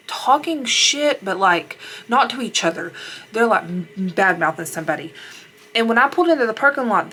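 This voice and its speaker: A woman's voice: medium pitch, bright, forceful tone, a little hiss or hum. A young woman chatting casually while doing her makeup at home, rambling and laughing as she tells a story, swearing now and then. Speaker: beauty vlogger.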